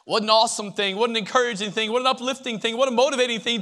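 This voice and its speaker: A man with a notably high voice preaches to students in a college chapel. His delivery is emphatic and repetitive, and he often restarts phrases as he drives his points home. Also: rapid-fire, creaky, few pauses, bright, forceful tone. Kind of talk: sermon.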